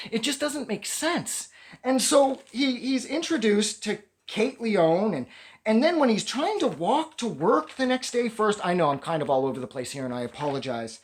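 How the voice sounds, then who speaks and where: Exasperated man ranting, lively pitch. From Canada. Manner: animated, rambling, profane, exasperated. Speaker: comic book reviewer. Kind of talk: casual ranting review.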